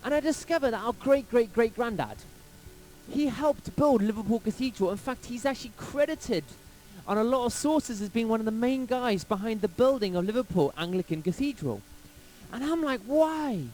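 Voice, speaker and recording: A man from England, a pastor telling a personal story in a sermon, lively and anecdotal, acting out quotes along the way. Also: very high-pitched, normal speed, poor audio.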